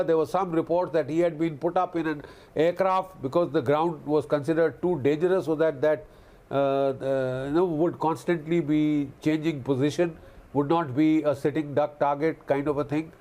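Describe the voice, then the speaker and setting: A man's voice: on the high side, steady tone, moderate pace, darkish tone. A man giving impassioned commentary on a TV news panel, repeating key phrases for emphasis. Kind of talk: impassioned televised debate commentary.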